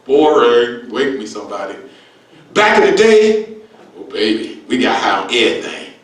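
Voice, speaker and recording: A man's voice: medium pitch, very animated, normal speed. A man in his sixties doing stand-up, brash and streetwise, with wild exaggeration and frequent "baby" asides. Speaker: stand-up comedian. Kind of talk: stand-up routine. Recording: echoey room, distant mic.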